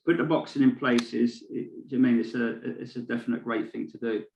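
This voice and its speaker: Podcast host in an echoey room. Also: male voice, medium pitch, fairly even intonation, brisk, gravelly, dull audio, a little hiss or hum. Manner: rambling, hesitant questions with fillers. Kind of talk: casual podcast interview.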